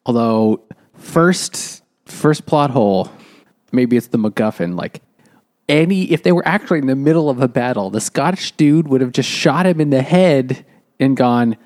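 A man's voice: mid-range voice, expressive, normal speed, a little mellow. A man co-hosting a casual book podcast, rambling through plot recaps and acting out quotes. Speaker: podcast co-host. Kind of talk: casual book-club chat.

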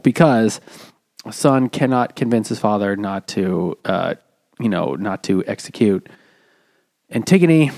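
A man co-hosting a casual book podcast over a video call, recapping the plot with quick asides. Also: on the low side, vocal fry, darkish tone, dry recording, studio quality. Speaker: podcast co-host.

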